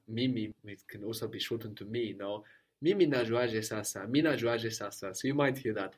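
A man teaching a spoken language lesson at an even, middling pitch. He prompts his learner with questions, then repeats each answer back patiently and encouragingly. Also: moderate pace.

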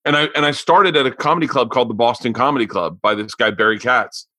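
A man's voice: medium pitch, fast talker, bright, forceful tone, no room sound. A man hosting a casual interview podcast, asking rambling, run-on questions. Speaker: podcast host. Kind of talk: casual remote interview chat. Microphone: remote call mic.

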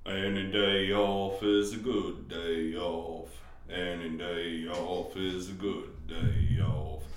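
A man voicing a slow, drawling American country singer. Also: low voice, flat delivery, voice pushed down. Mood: laid-back. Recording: echoey room, distant mic.

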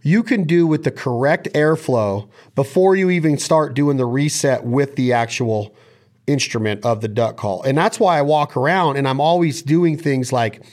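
A man's voice: mid-range voice, moderate pace, darkish tone. A man hosting a casual chat on duck calling, speaking with enthusiasm and sometimes breaking into vocal call sounds. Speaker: podcast host.

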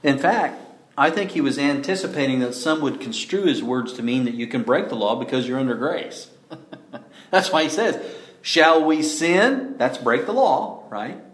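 A man preaching a sermon, emphatic, often asking rhetorical questions and slowing down to stress key words. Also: mid-range voice, animated, reverberant.

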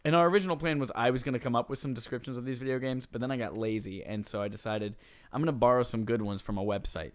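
Guy cohosting a chat show, middle pitch, joking around. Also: racing, no echo. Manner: playful, jokey banter. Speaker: podcast co-host. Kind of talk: casual chat.

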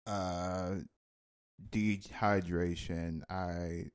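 Low-voiced male podcast co-host, dry and teasing, brief replies. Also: little pitch movement, extremely slow, smooth. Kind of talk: casual podcast chat.

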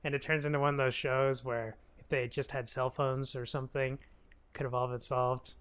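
A man co-hosting a podcast, recapping a TV show in casual chat, laughing often and acting out characters in quick quoted lines. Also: medium pitch, flat delivery, fairly bright tone, clean tone. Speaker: podcast co-host.

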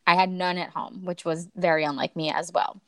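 Podcast guest: young woman, low-pitched, chatty, quotes herself a lot. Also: steady tone, brisk, no echo. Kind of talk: personal storytelling.

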